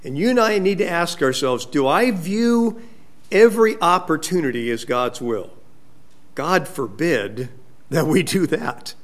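A man's voice: a little high, animated, a little slow. A male pastor preaching a sermon, asking his congregation rhetorical questions.

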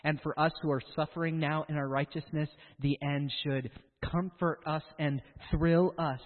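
Animated preacher, thin echoey sound. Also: male voice, on the high side, normal speed, phone-quality sound. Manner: animated, acts out quoted voices. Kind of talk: sermon.

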